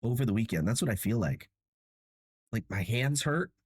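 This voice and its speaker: Husky, tired young man chatting. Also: medium pitch, expressive, moderate pace, no room sound, studio quality. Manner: chatty, self-mocking, laughs often. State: tired and achy. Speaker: livestream host. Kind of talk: casual chat with viewers.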